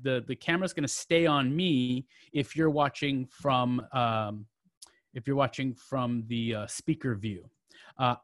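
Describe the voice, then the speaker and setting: Man, open mic host, chatty, joking, lots of uhs, mid pitch, dry sound, video call. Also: a bit bright, no echo. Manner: chatty, joking, many fillers and restarts. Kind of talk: casual hosting on a video call.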